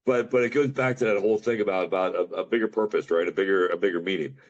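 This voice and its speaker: Fast-talking deep-voiced middle-aged man. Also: lo-fi sound. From Pennsylvania. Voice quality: deep voice often remarked on. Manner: rambling, fast, says bro and dude. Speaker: podcast guest. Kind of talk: casual storytelling.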